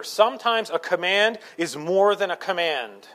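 A middle-aged male pastor preaching a sermon, animated, telling stories and asking the congregation rhetorical questions. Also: sits high, normal speed. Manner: animated storytelling with acted-out quotes and rhetorical questions.

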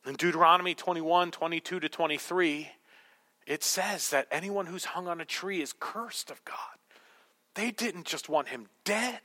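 A male pastor delivers a sermon to a congregation in a high, bright voice. He leans hard on key words, then falls to a near whisper for emphasis. His delivery stays theatrical and insistent throughout. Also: moderate pace. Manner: dramatic swings from loud emphasis to hushed whisper. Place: church hall with congregation.

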